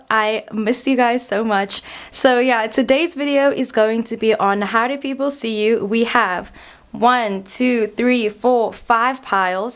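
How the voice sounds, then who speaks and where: A woman, chatting and rambling in a bubbly way as she hosts a casual tarot reading vlog. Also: medium pitch. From South Africa. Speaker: tarot reader.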